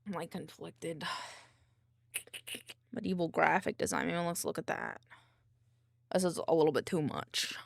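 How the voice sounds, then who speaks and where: A woman's voice: low voice, lively intonation, a little slow, creaky, long pauses, dry recording, studio quality. A woman streamer chatting casually while she works, rambling with many restarts and fillers. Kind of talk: casual chat while working.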